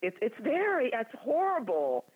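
A woman in her sixties, a guest in an interview, talking in an animated, chatty way with frequent laughs and restarts. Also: on the high side, moderate pace, husky. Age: 60s. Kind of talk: candid conversational storytelling. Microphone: telephone. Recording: tinny phone line.

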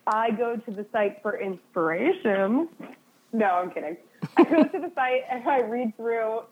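In a casual interview, a woman guest chats in a self-deprecating way, sprinkling in plenty of "like" fillers. Her voice is a little high and expressive, and she takes her time. The audio sounds narrow, almost like a phone line.

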